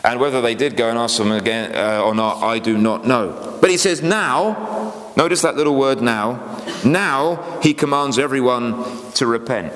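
A man preaching a sermon, earnest and emphatic, often breaking off into small asides and starting over. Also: medium pitch. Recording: echoey hall with long reverb.

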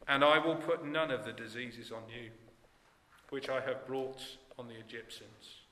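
A man preaching a sermon in an earnest, emphatic way, letting his phrases fall away softly at the ends. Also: medium pitch, moderate pace, a little hiss or hum. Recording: echoey church hall with long reverb.

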